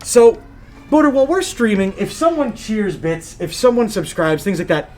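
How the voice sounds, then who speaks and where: A man co-hosting a casual gaming podcast, talking in an animated, jokey way and swearing now and then. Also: sits high, normal speed. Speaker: podcast co-host.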